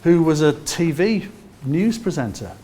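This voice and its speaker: A man in his sixties from Liverpool with a Liverpool accent, telling anecdotes in a lively way and acting out other people's voices with quick asides. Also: fairly high pitch, slight background noise. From Liverpool, England. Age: 60s. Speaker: musician telling stories. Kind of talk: anecdotal storytelling.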